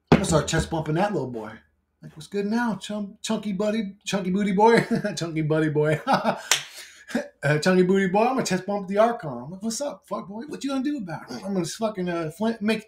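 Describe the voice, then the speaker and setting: A man talking in a casual vlog monologue. He is brash, swears constantly, rambles and laughs often. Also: a little high. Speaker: YouTuber.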